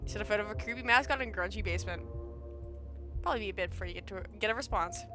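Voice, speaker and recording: A woman's voice: mid-range voice, racing, over music. A woman streamer playing a story game, chatting casually and reading aloud with self-deprecating jokes. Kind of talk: casual let's-play commentary and reading aloud.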